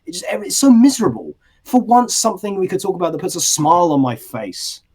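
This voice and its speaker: A British man in loose, crude podcast chat, voice sitting a little high for a man. He talks in an animated way and peppers nearly every sentence with swearing. His laughs break through often. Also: fast, creaky, slightly rough. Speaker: podcast co-host. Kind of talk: crude casual banter.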